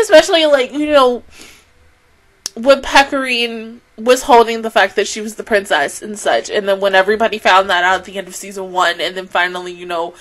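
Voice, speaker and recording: A young woman reviewing an anime episode in a casual, emotional way, gushing and laughing through tears, then softer and lower when she calms down. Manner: gushing, tearful, laughing between words. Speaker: anime reaction YouTuber.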